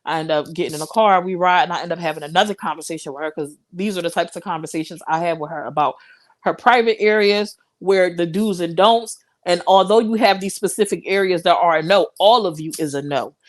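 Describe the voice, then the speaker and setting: A woman's voice: fairly low pitch, brisk. A young adult woman hosting a live stream, talking straight to her viewers in impassioned, preachy casual commentary.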